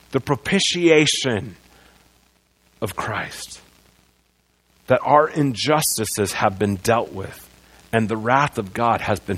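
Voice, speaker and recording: A man preaching a sermon as pastor in a church, moving between loud proclamation and quiet earnest passages. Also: on the high side, slightly rough. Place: church sanctuary.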